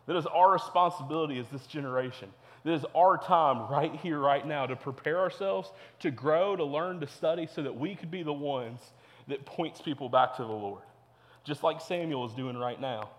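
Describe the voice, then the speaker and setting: Young man, youth pastor, earnest sermon, slightly high voice, echoing hall reverb. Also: moderate pace. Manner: earnest, preachy repetition. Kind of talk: sermon to teens.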